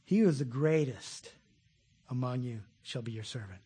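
A middle-aged man preaching a sermon as pastor, folksy and animated, telling jokes and acting out voices. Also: medium pitch, moderate pace, slightly rough.

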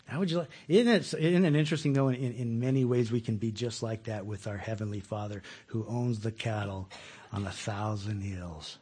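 A man preaching a conversational sermon as a pastor, animated, asking his listeners questions and acting out the voices he quotes. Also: lowish voice, normal speed, slightly rough.

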